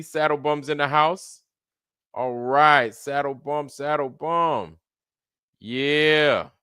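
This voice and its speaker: A man's voice: mid-range voice, sharp tone, clear, resonant tone, no echo, studio quality. A man hosting a casual live stream, loose and slangy, greeting viewers by name in a running roll call. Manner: greets viewers by name one after another. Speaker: livestream host.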